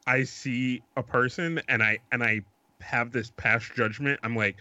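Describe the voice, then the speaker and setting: A man co-hosting a podcast, telling stories in casual chat with halting restarts. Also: mid-range voice, lively intonation, sharp tone, dry recording, dull audio. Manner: halting, many restarts, laughs through stories. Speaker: podcast co-host.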